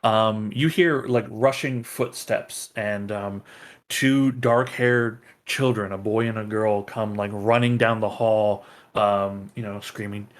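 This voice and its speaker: A man's voice: on the low side, fairly even intonation, takes it slowly. A man narrating as game master of a tabletop role-playing game, in a casual way full of fillers.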